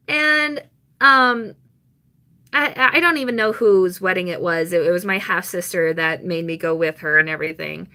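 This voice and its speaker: A young woman chatting on a live stream, telling a rambling personal story with quick laughs and mock quotes. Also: on the low side, sharp tone.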